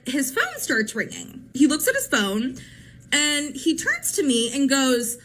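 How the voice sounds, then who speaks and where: A young woman telling a dramatic story in casual chat, animated and swearing freely, acting out what people said. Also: high-pitched, unhurried. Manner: animated, swearing, acts out quotes.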